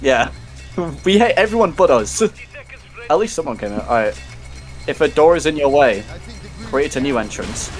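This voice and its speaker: A man's voice: a little high, animated, moderate pace, long pauses, soft background music. Joking young man streaming games. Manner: joking, loud bursts of mock shouting. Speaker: streamer host. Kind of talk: casual gaming stream chat.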